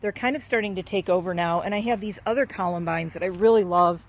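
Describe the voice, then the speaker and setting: A homestead vlogger with a lowish voice talks fast as she tours her backyard chicken coop and garden on a handheld camera. Between chatty explanations, she coos and baby-talks at her chicks.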